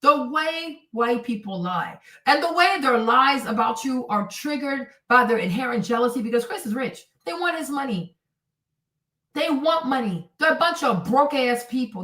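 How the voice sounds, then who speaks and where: Recorded from a distance in an echoey room, this high-voiced female streamer talks at normal speed with lively intonation and a sharp edge. She tears into a news clip with plenty of profanity, imitating the people in it to ridicule them. Sarcasm and scorn color everything she says.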